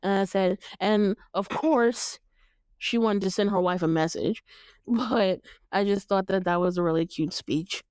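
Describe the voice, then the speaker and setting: Smooth-voiced young woman hosting a recap. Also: medium pitch, measured pace, no room sound. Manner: animated, laughing, acts out lines in playful voices. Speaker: podcast host. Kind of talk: casual recap chat.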